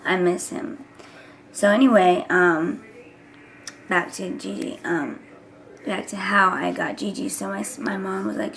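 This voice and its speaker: A woman's voice: mid-range voice, fairly even intonation, measured pace, creaky, pauses often, a bit bright. A woman in her thirties chatting casually to camera as a vlogger, rambling and sometimes dropping into whispers. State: voice recovering from hoarseness. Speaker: vlogger and mother.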